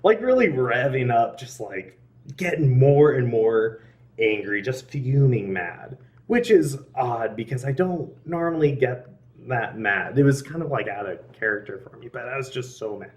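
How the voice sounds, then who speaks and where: A young man, sounding far from the mic, tells a personal faith story casually and earnestly, laughing often and filling his speech with fillers and restarts. His voice sits in the mid range with a darkish tone, lively intonation and a moderate pace.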